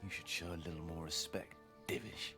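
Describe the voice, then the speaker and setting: An actor playing a defiant medieval soldier in a video game, speaking in a mocking way. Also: male voice, deep voice, little pitch movement, a little fast, music in the background, lightly acted.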